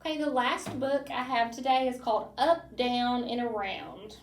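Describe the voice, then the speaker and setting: High-voiced librarian reading to kids. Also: female voice. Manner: slow, gentle read-aloud delivery for young children. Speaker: children's librarian. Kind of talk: storytime read-aloud and singing. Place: library room. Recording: echoey room, voice from a distance.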